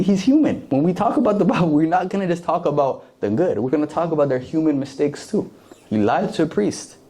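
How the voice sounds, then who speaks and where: Slangy, animated young male preacher. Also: mid-range voice. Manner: slangy and conversational, acts out the story characters. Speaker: youth preacher. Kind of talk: casual sermon.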